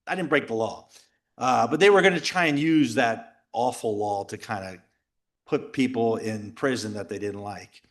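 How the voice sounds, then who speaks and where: A middle-aged man speaking at a men's retreat, telling a personal story in a jokey, animated way and acting out the voices of others. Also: medium pitch, normal speed. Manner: animated, jokey, acts out quoted voices and shouts. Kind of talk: lively storytelling talk. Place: retreat house talk before a live audience.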